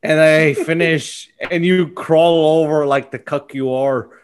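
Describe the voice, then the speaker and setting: A man's voice: on the high side, fairly even intonation, takes it slowly, smooth. A man putting on an Irish accent to play a crude, boastful middle-aged Irish lecher in a comedy podcast bit. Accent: put-on Irish. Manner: crude, boastful, mock-grandiose.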